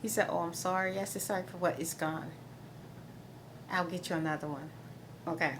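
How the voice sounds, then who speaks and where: Noticeable background noise runs under this casual chat from a middle-aged woman hosting her own vlog. She speaks low at a moderate pace with fairly even intonation, rambling and making exasperated asides.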